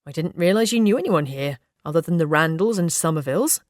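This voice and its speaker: An elderly grandfather speaks in a gentle, homely, unhurried way, voiced by a woman reading a novel aloud. His voice sits fairly low and sounds dry and close, with no room around it. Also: lively intonation, no room sound. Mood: fond. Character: elderly British grandfather, kindly, plain-spoken.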